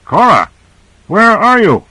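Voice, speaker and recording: A man's voice: medium pitch, big pitch swings, normal speed, bright, forceful tone, slightly rough, dry recording, voice pushed up, full character voice, low-quality recording. A man voicing an anxious male crew member calling out urgently, in an audiobook character voice.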